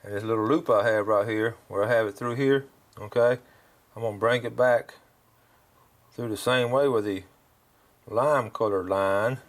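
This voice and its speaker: A man's voice: fairly low pitch, steady tone, normal speed, long pauses. Folksy man hosting a fishing show. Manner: folksy, tags sentences with "okay?". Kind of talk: casual how-to demonstration and chat.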